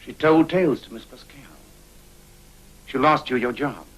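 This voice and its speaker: A sardonic hard-boiled private eye. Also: male voice, mid-range voice, moderate pace, fairly bright tone, slightly rough, low-quality recording. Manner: dry, probing, sardonic. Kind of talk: 1950s film acting.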